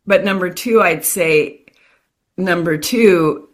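A woman with a low voice recounts a personal experience as an interview guest. She talks in animated, quick bursts and keeps restarting her sentences.

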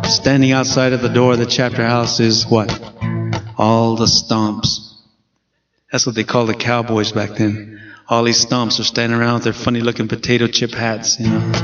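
A man doing storytelling stand-up comedy, playful and talking straight to the audience. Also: mid-range voice. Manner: folksy, playful, talks to the audience directly. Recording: distant mic, dull lo-fi sound with guitar music.

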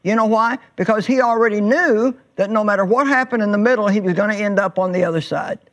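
A woman's voice: mid-range voice, fast. Earnest woman preaching a sermon. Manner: earnest, drawing out words for emphasis.

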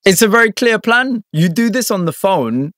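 A man's voice: high voice, expressive, normal speed, fairly bright tone, no echo, studio quality. A man interviewing a guest, asking probing follow-up questions. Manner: curious, asks probing follow-ups.

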